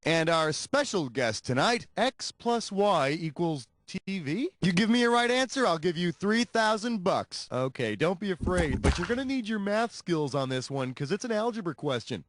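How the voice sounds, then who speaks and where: An actor playing a wisecracking, sarcastic male trivia game show host, scripted for a video game, firing off quick jokey asides. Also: high-pitched, sing-song. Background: game music.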